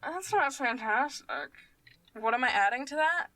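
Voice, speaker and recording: An excitable woman plays a tabletop game and swears casually as she goes. Her voice sits slightly high. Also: normal speed, dry recording, poor audio. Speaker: player.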